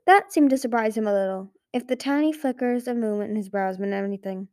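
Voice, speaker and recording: A woman reading a fantasy novel aloud in a soft, measured narration. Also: a little high. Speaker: audiobook reader. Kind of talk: fan audiobook narration.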